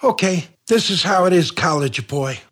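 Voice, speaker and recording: A man's voice: sits high, lively intonation, moderate pace, fairly bright tone, pitched above the performer's own voice. A man voicing a scrappy, hot-headed small-time male thug who talks like a movie gangster. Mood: blustering. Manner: tough-guy gangster talk.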